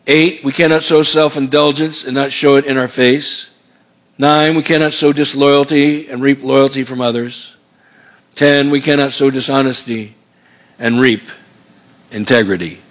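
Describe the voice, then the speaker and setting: A man preaching a sermon, asking the congregation call-and-response questions as he works through his points. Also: medium pitch. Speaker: pastor.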